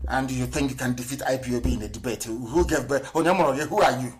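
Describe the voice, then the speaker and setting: A middle-aged man, giving an impassioned live radio lecture. He piles up rhetorical questions and spells words out letter by letter. His voice sits at an ordinary pitch and swings between loud bursts and hushed asides. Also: a little fast, slight background noise. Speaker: political broadcaster.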